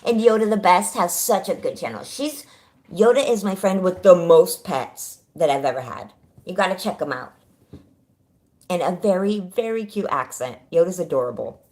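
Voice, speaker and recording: A woman's voice: fairly low pitch, expressive, normal speed, a little mellow. A middle-aged woman from California hosting a casual home livestream, bubbly and chatty, greeting viewers by name and laughing often. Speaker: livestream host. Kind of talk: casual live chat.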